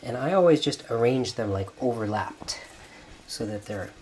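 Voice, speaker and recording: A man hosting a cooking video in a home kitchen, gently narrating each step as he works. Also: medium pitch, lively intonation, moderate pace. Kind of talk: cooking demonstration.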